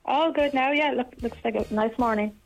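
A woman's voice: fairly high pitch, fairly quick, gravelly, soft background music, low-quality recording. A woman calling into a radio quiz, easygoing and a little hesitant, filling gaps with ums. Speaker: caller. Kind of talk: on-air phone-in quiz.

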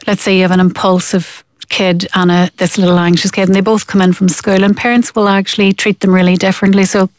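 Animated woman explaining. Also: mid-range voice, fast, hardly any pauses, no echo. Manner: animated, acts out quoted parents. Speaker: parenting expert guest. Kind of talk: conversational interview explanation.

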